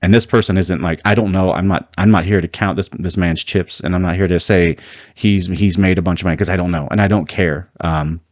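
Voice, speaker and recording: Low-voiced guy ranting on his own channel, fired up, keeps restarting, dry close sound. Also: fairly even intonation, fairly quick, no room sound. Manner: heated, emphatic, with frequent restarts. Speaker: video commentary host. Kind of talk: opinionated solo commentary.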